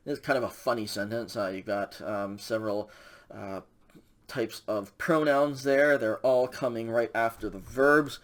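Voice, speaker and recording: A man's voice: mid-range voice, animated, moderate pace. A man teaching a recorded language lecture, walking through grammar patiently with frequent ums and okays. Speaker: Greek instructor.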